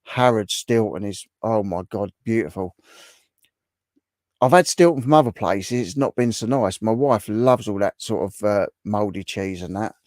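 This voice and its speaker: A man's voice: lowish voice, normal speed, darkish tone, dry recording, studio quality. A middle-aged man hosting a casual livestream and chatting back to viewers' comments. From England. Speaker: livestream host. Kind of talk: casual live chat.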